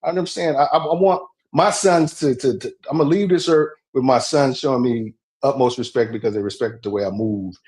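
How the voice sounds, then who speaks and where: Mid-pitched male co-host, earnest, reflective, profane. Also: fairly quick, hardly any pauses, a little mellow. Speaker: podcast co-host. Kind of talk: casual discussion.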